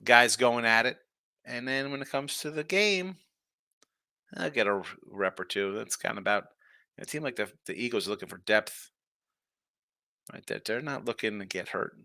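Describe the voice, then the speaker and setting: A man hosting a sports betting show, chatting casually and reacting to viewer comments in a lively, tired-but-animated way. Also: mid-range voice, moderate pace, pauses often, dry recording, clean studio sound. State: tired, yawning. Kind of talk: casual betting talk reading chat.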